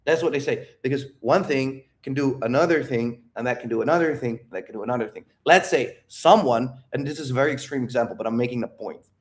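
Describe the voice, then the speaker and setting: A man's voice: medium pitch, quick pace, few pauses. A man who is not a native English speaker, hosting a live Q&A stream and talking energetically with plenty of swearing. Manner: energetic, profane, rambling. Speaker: livestream Q&A host. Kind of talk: live unscripted monologue to chat.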